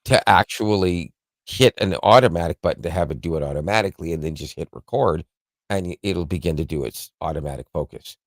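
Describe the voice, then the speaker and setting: A man's voice: sits low, a little fast, dry recording, clean studio sound. A man co-hosting a casual tech podcast, explaining an app in a rambling, self-correcting way with frequent chuckles.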